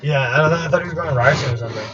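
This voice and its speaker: A man's voice: a little high, racing. A young man co-hosting a casual podcast, joking and chatty, full of "like". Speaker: podcast co-host. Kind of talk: casual chat. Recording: lo-fi audio with crowd noise behind.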